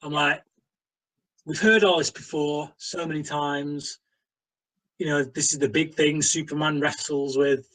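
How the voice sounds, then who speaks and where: A man's voice: fairly high pitch, steady tone, a little slow, fairly bright tone, rough recording. A man co-hosting a casual film review chat, a blunt, exasperated critic who uses many fillers. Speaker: co-host of a film review show.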